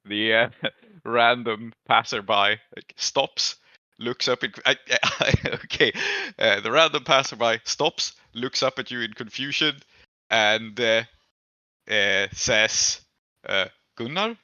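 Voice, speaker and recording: Guy game master, bright voice, dry close sound, lots of likes and you knows. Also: mid-range voice, takes it slowly, no echo, lo-fi sound. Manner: casual, many fillers. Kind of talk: narrating a tabletop game.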